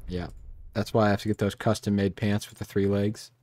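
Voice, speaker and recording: A man hosting a gaming video, chatting casually with friends in crude, deadpan jokes. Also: on the low side, brisk. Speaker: gaming channel host.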